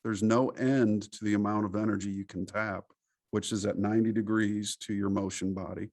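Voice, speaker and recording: A middle-aged man with a low, gravelly voice talks at length as a podcast guest. He tells stories in an animated, preachy way. The sound is dry and close. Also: normal speed, no room sound. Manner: animated, preachy storytelling with acted quotes. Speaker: interview guest. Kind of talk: casual podcast interview.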